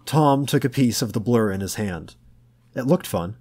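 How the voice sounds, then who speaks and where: A man reading a novel aloud as an audiobook narrator in a slow, measured, low-key manner. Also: animated, a little mellow, breathy edge. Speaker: audiobook reader.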